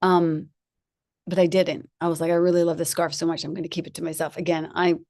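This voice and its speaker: A woman's voice: lowish voice, a little fast, no echo, clean studio sound. A middle-aged woman giving a spiritual talk, chatty and laughing often as she tells personal stories. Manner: chatty, laughing, lively storytelling. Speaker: guest speaker.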